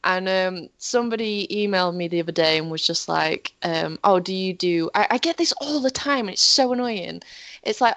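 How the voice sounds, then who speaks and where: A woman's voice: mid-range voice, animated, normal speed, fairly bright tone, dry recording. A young woman co-hosting a podcast in casual chat, talking bluntly, with many fillers and freely swearing. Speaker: podcast co-host.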